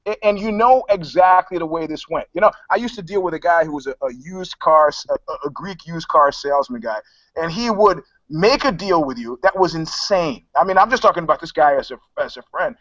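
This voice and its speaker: A man co-hosting a casual, profane sports podcast, an animated storyteller who acts out the people in his stories. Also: high voice, brisk, no echo, lo-fi sound. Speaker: podcast co-host, MMA pundit. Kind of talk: casual, profane chat, acting out the other side of a dispute.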